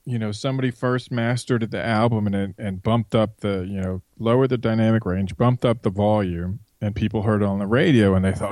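A man's voice: fairly low pitch, brisk, few pauses, a little mellow, dry recording. A man co-hosting a casual podcast chat, griping at length with frequent restarts. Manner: rambling, gripes with restarts. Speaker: podcast co-host.

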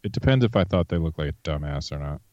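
A man's voice: rumbling low, lively intonation, fast talker, mellow, dry recording, muffled recording. A man co-hosting a casual podcast, blunt and teasing, swearing casually. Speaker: podcast co-host.

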